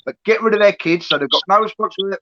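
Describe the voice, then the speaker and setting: A man's voice: high voice, very fast, sharp tone, no room sound. A middle-aged man talking in a blunt, sweary rant during a casual podcast chat. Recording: dull lo-fi with faint hiss.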